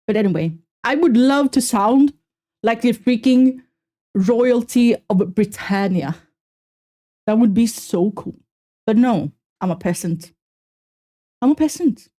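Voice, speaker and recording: A young woman streaming, chatting casually and self-mockingly with her viewers in quick exclamations. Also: on the high side, dark tone. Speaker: streamer reacting to a video. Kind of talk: casual live-stream chat.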